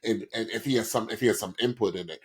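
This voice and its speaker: A man co-hosting a podcast, chatting casually and excitably as he reacts to singers, and sometimes demonstrating notes himself. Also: lowish voice, quick pace, slightly rough. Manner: animated, excitable, demonstrates singing. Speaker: podcast co-host.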